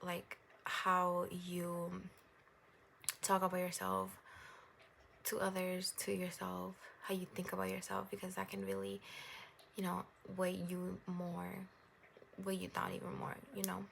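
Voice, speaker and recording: A young woman doing a casual tarot reading, rambling gently and reassuringly and laughing at herself. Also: lowish voice, monotone, unhurried, vocal fry, slight background noise. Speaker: tarot reader.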